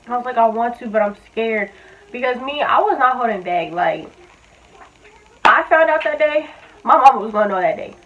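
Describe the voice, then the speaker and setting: Speaking at a moderate pace in a high-ish, animated voice, this twenty-something woman vlogs about something personal. She's blunt and candid, swearing and dropping fillers throughout, over tinny, phone-like sound.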